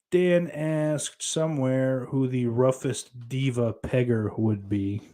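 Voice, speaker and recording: A man's voice: medium pitch, steady tone, takes it slowly, dark tone. A man co-hosting a podcast, reading live chat comments aloud in crude casual banter, laughing often and swearing freely.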